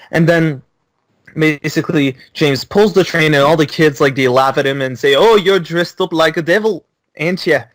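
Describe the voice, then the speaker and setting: A man casually pitching a short holiday story, offhand and full of fillers. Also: no room sound, poor audio.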